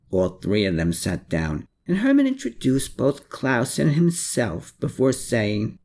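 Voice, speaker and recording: A man's voice: low voice, very animated, unhurried, darkish tone. A man narrating an audiobook, reading the story's tags and descriptions between lines of dialogue.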